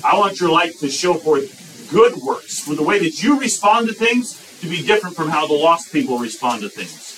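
Sing-song and fairly bright, this preacher's fairly high voice drives his sermon with emphasis and repeated phrases, easing into a much slower pace for scripture quotes. The microphone is set back a bit, with a faint hiss underneath.

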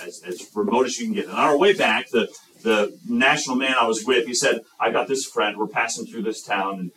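A man's voice: lowish voice, slight background noise. A man from the United States preaching a sermon, telling a story and acting out voices and sounds as he goes. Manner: animated storyteller, acts out voices and sound effects. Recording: roomy, from a distance.

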